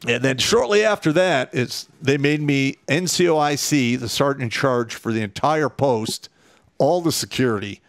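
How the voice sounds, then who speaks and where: A man, a military veteran, telling war stories in a casual, profane and animated way. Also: medium pitch, normal speed, dry recording.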